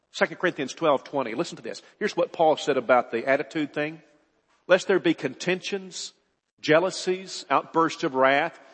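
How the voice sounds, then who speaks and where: A man's voice: mid-range voice, a bit bright. A man preaching a sermon, earnest and repetitive, building to emphatic bursts. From United States. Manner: earnest, repeats words, rises to emphatic bursts. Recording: husky voice in a reverberant hall.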